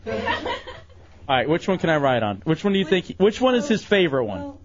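A man's voice: high-pitched, big pitch swings, a little fast, noisy background. A man hosting a casual radio show, joking and teasing his guests. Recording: lo-fi radio broadcast.

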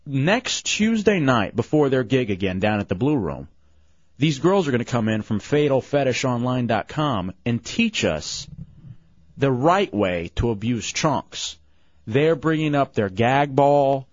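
A man's voice: medium pitch, sing-song, measured pace, no echo. A man hosting a radio show, joking with his crew and callers, laughing easily and reading out the phone number. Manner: playful, laughs often, reads phone numbers. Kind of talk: casual morning-show banter. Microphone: studio microphone. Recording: dull lo-fi radio studio broadcast.

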